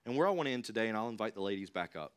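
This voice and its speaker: A young man preaching a sermon in a church, in a conversational, animated way. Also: fairly low pitch, racing, smooth. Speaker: pastor. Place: church sanctuary.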